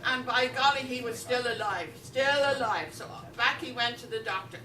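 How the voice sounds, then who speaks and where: A woman's voice: a little high, moderate pace, bright, forceful tone, slight background noise. A woman from Ireland with an Irish accent, telling jokes at a live event with chatty asides to the audience. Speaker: comedian. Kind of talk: live stand-up joke telling. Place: live event in a veterans home hall. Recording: roomy hall from far off.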